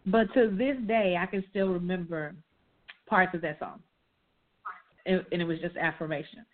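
A woman's voice: on the low side, moderate pace. A woman co-hosting a casual talk show, animatedly telling a childhood story. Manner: animated, reminiscing, emphatic. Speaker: co-host. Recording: tinny phone-like line.

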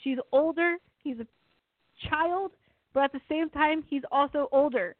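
A woman's voice: high voice, unhurried, no echo. A woman hosting a casual chat, opinionated and emphatic, laying out her points one by one. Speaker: podcast host. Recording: tinny phone-like line, dry.

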